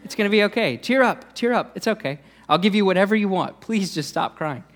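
A man voicing an anxious boy coaxing his crying younger sibling in a high, frantic, pleading voice. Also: lively intonation, fairly quick.

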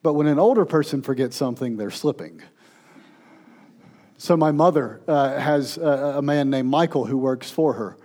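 A man, a pastor, telling stories in a sermon, turning from playful to hushed and tender. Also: mid-range voice, moderate pace.

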